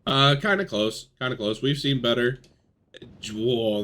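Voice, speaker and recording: A young man giving casual, excitable commentary on a racing simulation, swearing and swinging between hype and mumbled asides. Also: mid-range voice, unhurried. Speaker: gaming YouTuber.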